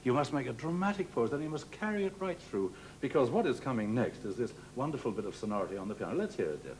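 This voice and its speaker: A man's voice: medium pitch, expressive, fast talker. A man teaching a clarinet masterclass, giving courteous, precise coaching. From England. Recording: old worn television transfer with music.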